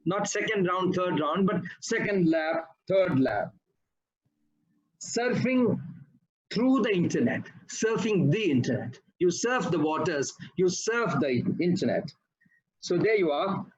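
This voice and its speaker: Guy, high voice, teachy grammar notes, kinda muffled lo-fi sound. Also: lively intonation, a little slow, slightly rough. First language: not English. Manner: instructive, corrects usage and pronunciation word by word. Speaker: Toastmasters grammarian. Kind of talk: club meeting feedback report.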